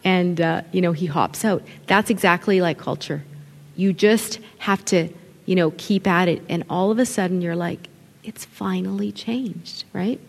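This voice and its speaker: A middle-aged woman from an Italian family, a children's ministry leader, gives an expressive, conversational conference talk to other ministry leaders. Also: fairly low pitch, normal speed. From Italian family background. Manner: expressive, conversational, quotes people in acted voices. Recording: long hall reverb.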